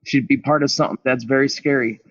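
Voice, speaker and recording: A man's voice: medium pitch, fairly even intonation, fast, slightly rough, no room sound, muffled recording. Blunt, profane man telling his story. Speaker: podcast guest. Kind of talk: candid storytelling interview.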